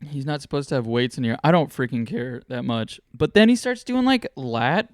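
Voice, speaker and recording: A man's voice: mid-range voice, expressive, normal speed, no room sound, studio quality. A young man hosting a podcast, chatting casually and telling stories with slang, laughing often. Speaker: podcast host. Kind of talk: casual chat.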